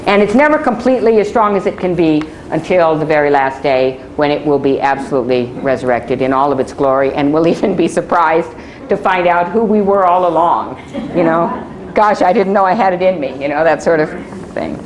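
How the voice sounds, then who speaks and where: Low-voiced woman lecturing in an echoey room. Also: animated, fairly quick, darkish tone. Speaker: scholar lecturing. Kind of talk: reflective lecture. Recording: echoey room on digitized DVD.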